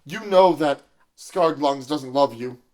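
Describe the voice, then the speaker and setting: A man's voice: a little high, slow, a little mellow. A man improvising an earnest undercover cop who stammers and hesitates, in an audio comedy. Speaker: improv performer.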